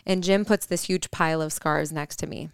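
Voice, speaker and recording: Low, crisp-voiced woman telling a story. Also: fairly even intonation, moderate pace, no echo, clean studio sound. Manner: earnest, reflective, with frequent fillers and restarts. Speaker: podcast co-host. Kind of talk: personal storytelling.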